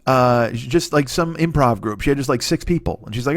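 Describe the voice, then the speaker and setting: A man in his forties rattles through a crude solo comedy riff at a quick clip. He keeps cutting himself off and tossing in brief silly voices. The sound is dry and close, with no room around it. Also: mid-range voice, no room sound. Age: 40s. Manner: rambling, crude, self-interrupting, acts out quick voices. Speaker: comedy podcast host. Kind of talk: solo comic monologue.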